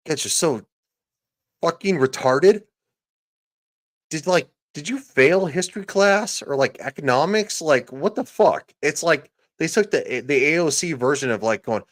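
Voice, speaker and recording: A man's voice: mid-range voice, big pitch swings, measured pace, fairly bright tone. A man delivering a ranting reaction commentary, sarcastic, profane and mocking. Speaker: political commentator.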